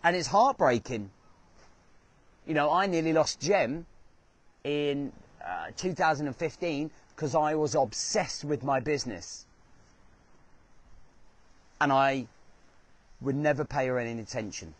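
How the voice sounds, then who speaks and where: A man's voice: a little high, lively intonation, measured pace, long pauses, no echo. A man hosting a motivational talk, speaking earnestly and repeating phrases for emphasis. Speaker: host.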